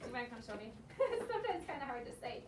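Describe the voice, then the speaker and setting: A woman's voice: a little high, big pitch swings, quick pace. A woman teaching a second grade phonics lesson in a classroom, patiently prompting the class with questions and cues. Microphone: far camera. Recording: echoey classroom, far from the mic, with room noise.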